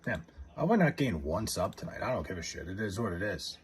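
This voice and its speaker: A man livestreaming from his house, casually chatting and reading out viewer comments, loose and profane, drawling joke names slowly. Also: deep voice, big pitch swings, slight background noise. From New York area.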